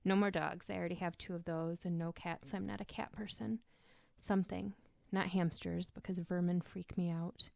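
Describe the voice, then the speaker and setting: A woman's voice: lowish voice, moderate pace, gravelly, no echo, clean studio sound. A young adult woman hosting a podcast, telling a true crime story in a casual, chatty way, swearing and wandering off on tangents. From Michigan. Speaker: podcast host.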